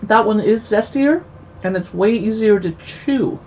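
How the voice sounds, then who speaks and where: A woman hosting a casual live video chat, tasting snacks, chatty and quick to laugh. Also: medium pitch, darkish tone. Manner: chatty, laughs easily, talks with her mouth full. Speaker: host. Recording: dull lo-fi sound with faint noise.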